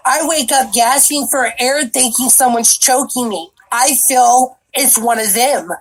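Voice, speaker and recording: A woman with a high, husky voice talks as a podcast guest. She is blunt and frank and swears freely in loose conversation. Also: slow, poor audio. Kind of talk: casual chat.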